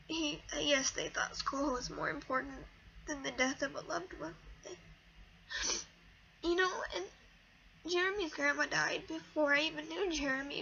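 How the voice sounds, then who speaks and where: Tearful teenage girl, high bright voice. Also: vocal fry. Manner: halting, fighting back tears, many pauses and fillers. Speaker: vlogger. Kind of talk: emotional personal talk to camera. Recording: dull lo-fi audio with faint hiss.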